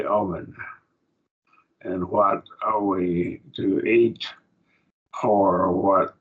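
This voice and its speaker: A plainspoken, folksy man, a preacher, teaching a slow Bible Greek grammar lesson to a class. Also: lowish voice, husky. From rural. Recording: dull lo-fi classroom recording.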